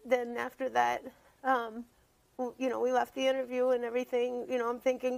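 A woman's voice: fairly high pitch, little pitch movement, fast talker, vocal fry, darkish tone, rough recording. A woman appearing as a guest on a talk show, telling her story emotionally and rambling, repeating herself.

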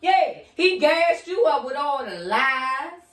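High-voiced woman giving a roomy tarot reading. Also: slow pace, faint music behind. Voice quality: expressive, blunt and profane, bursts into sing-song chants. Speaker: tarot reader. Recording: roomy echo, set back from the mic.

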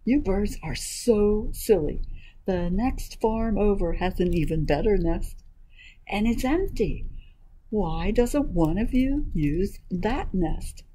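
A woman voicing an exasperated farmer who shouts alarms and scolds birds, reading a children's storybook. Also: medium pitch, lively intonation, takes it slowly, a little hiss or hum. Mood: scolding. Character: hungry, exasperated farmer man.

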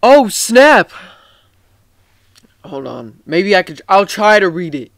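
A tired man giving casual, rambling gameplay commentary, excitable and swearing often. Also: sits high, normal speed, gravelly, no echo. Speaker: gaming YouTuber.

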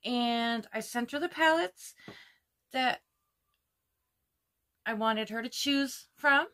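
A woman in her fifties chatting casually through a makeup tutorial at home, gushing over the colors and sometimes dropping to a soft whisper. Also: on the high side, slow pace. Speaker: beauty vlogger.

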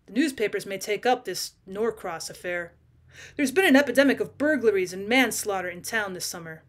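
A woman reading the lines of a quiet, conflicted male detective, speaking them in a thoughtful, earnest way. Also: medium pitch, lively intonation, a little fast, close to an everyday voice.

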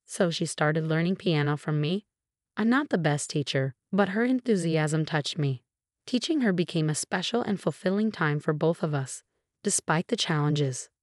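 A woman narrating a first-person story in an even, measured way. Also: low-pitched, dry recording, clean studio sound.

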